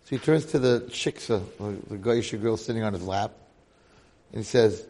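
Gravelly older rabbi telling a story. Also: male voice, on the low side, a little fast. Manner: animated storyteller, dramatic swings in loudness. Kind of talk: storytelling talk to a congregation.

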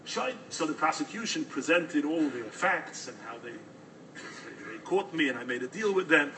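A man telling a story in an animated, dramatic storytelling manner. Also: fairly high pitch, measured pace, far from the mic, a little hiss or hum, low-quality recording. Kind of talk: oral storytelling.

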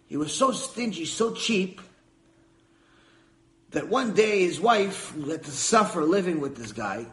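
A man teaching a Torah lecture to a live audience, telling a story with animated emphasis. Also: sits high, roomy sound. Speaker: rabbi teaching a class.

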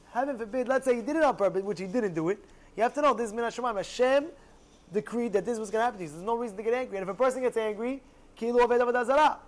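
A young man teaching a religious lesson to a class, telling stories animatedly and often asking his listeners rhetorical questions. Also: extremely high pitch. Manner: animated storyteller who acts out angry outbursts.

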